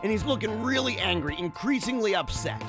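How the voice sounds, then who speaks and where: A man's voice: sits high, animated, a little fast, music in the background. A man hosting a casual live stream from a home basement studio, rambling and laughing often as he comments.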